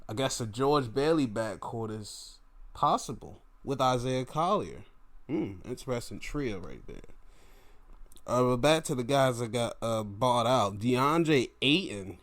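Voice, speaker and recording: A man hosting a sports podcast who talks casually and uses a lot of swearing as he goes through a list of basketball signings, joking as he goes. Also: mid-range voice. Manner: loose, profane, joking commentary. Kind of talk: casual sports talk, going down a list of free-agency moves.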